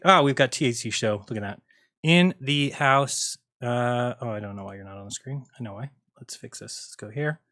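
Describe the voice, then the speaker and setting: A man hosting a call-in livestream in a relaxed, rambling way, reading viewer comments aloud between tasks. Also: medium pitch. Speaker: livestream call-in show host. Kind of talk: casual livestream chat.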